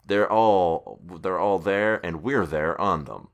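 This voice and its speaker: A man's voice: sits low, slow pace. A young adult man hosting a podcast in casual, teasing chat. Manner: joking, teasing. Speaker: podcast host.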